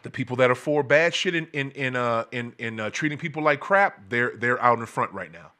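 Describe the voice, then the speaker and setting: A man hosting his own show, delivering a heated, profane rant full of stammering restarts and sudden shouting. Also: mid-range voice, a little fast. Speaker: podcast host. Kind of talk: heated ranting monologue.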